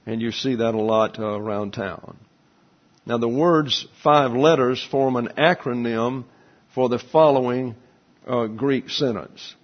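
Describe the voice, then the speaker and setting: A man teaching a lesson, explaining step by step in a measured way with frequent pauses and fillers. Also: mid-range voice, breathy edge. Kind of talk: classroom lecture explaining Greek letters. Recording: slightly dull, lo-fi recording.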